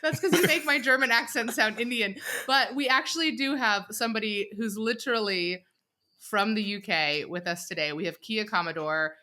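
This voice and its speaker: Thirties woman, podcast co-host, bright forward tone, playful casual chat. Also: a little high, moderate pace. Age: 30s. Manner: playful, laughs often, addresses listeners as y'all.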